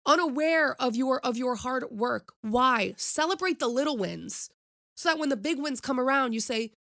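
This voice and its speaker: A woman's voice: high voice, animated, moderate pace, gravelly, fairly bright tone, no room sound. A young woman hosting her own podcast, giving passionate opinionated commentary and speaking straight to her listeners. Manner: impassioned, preachy, addresses listeners directly. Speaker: podcast host.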